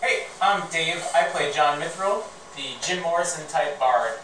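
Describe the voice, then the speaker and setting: A man hosting his podcast, casually walking through his recording and editing setup in a relaxed, rambling way with frequent restarts. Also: fairly high pitch, unhurried, slight background noise, low-quality recording. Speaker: podcast host and editor. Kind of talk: casual gear walkthrough.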